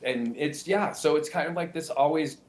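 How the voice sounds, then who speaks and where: A male comedian and impressionist explaining his craft in an animated, self-interrupting way, often restarting sentences. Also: on the high side, normal speed. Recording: roomy echo.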